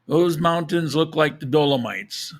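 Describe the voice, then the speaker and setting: A man hosting a live podcast, chatting casually with a hoarse, froggy voice, rambling and correcting himself as he goes. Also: fairly high pitch, measured pace. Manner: rambling, self-correcting, chuckles at own jokes. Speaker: podcast host. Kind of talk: casual live-stream chat.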